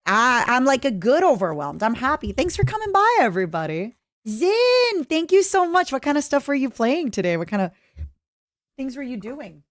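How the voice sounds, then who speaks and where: Lively Canadian woman streamer. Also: sits high, no echo, studio quality. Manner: chatty, jokey, quick asides to chat. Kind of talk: casual livestream chat.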